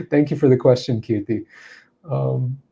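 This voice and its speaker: A man coaching English who reads viewer questions aloud, repeats them, then answers in a relaxed way. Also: mid-range voice, vocal fry, breathy edge. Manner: relaxed, with frequent fillers and restarts. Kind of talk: live Q&A.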